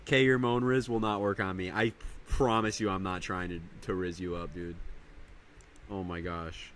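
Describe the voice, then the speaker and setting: A young man streaming casually, rambling in slang and breaking into loud high yells. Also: steady tone, normal speed, a little hiss or hum. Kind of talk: casual live-stream chat.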